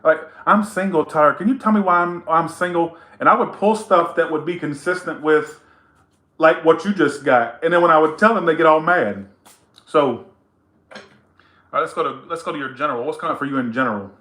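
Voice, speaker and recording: A man's voice: fairly high pitch, brisk, fairly bright tone, echoey room. A man giving a casual tarot reading to camera, blunt, teasing and full of profanity. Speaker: tarot reader.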